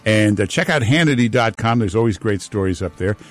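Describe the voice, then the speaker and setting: A man's voice: fairly low pitch, brisk, soft background music. A man hosting a call-in radio show, chatting with callers and bantering with his co-host. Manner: teasing, animated banter.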